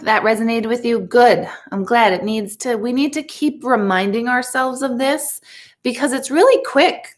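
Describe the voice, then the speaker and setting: Woman medium chatting live with viewers; emphatic and animated, casual fillers. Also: fairly high pitch. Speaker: intuitive medium.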